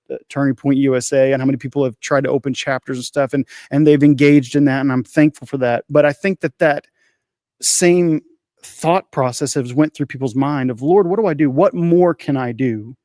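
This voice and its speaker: A man's voice: medium pitch, fairly even intonation, brisk, darkish tone, dry recording, clean studio sound. A man co-hosting a casual faith podcast, telling a personal story in an earnest, emotional way, repeating phrases and restarting often. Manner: frequent restarts and fillers. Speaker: podcast co-host.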